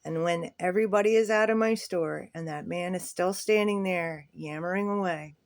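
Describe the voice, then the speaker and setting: A man's voice: high voice, moderate pace, no echo, studio quality. A man who sells at a flea market, telling a story in a candid, rambling way with swearing and nervous laughs. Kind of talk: casual storytelling monologue.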